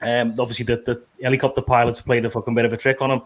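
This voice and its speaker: Man, British accent, soldier, sweary, animated storyteller, casual chat. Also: medium pitch, racing. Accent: British English.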